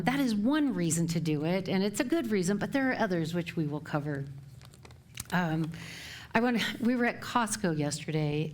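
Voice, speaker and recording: A middle-aged woman minister giving a live sermon to her congregation, chatty and quick to laugh as she tells stories. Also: fairly low pitch. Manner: chatty and warm, laughing often while telling stories. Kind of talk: sermon talk. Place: church sanctuary before a live congregation.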